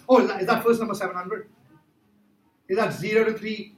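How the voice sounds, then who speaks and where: In this classroom lecture, a man with a high voice and fairly bright tone talks fast as he teaches calculus. Emphatic and repetitive, the math teacher keeps quizzing his class through each problem, and the recording carries room echo and faint noise.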